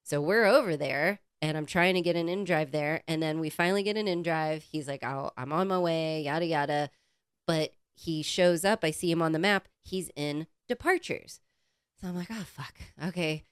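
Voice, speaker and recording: A woman co-hosting a podcast, telling a casual story in a lively, swearing, animated way and acting out the quotes. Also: deep voice, normal speed, smooth, no echo, clean studio sound. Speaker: podcast co-host.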